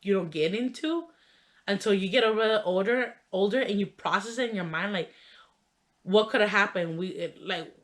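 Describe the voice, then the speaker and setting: A young woman tells a childhood story to her vlog camera in a loose, chatty way. Her voice sits at an ordinary middle pitch. She leans heavily on fillers like "like" and "you know" as she goes. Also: moderate pace. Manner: laughs while telling the story. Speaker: vlogger. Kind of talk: casual storytelling.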